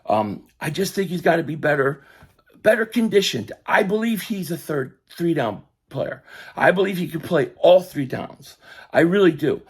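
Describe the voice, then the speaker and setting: A man hosting a fan sports show, ranting excitably and yelling at times, his voice going hoarse. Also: fairly high pitch, moderate pace. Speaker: sports podcast host. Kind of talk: fan commentary live stream.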